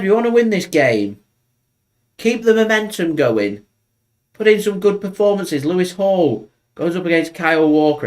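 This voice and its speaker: A man hosting a live football watchalong, chatting opinionatedly and breaking into excited play-by-play. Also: fairly high pitch. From England. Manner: chatty, opinionated, bursts up for match action. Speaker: football fan channel host. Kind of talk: live match watchalong commentary.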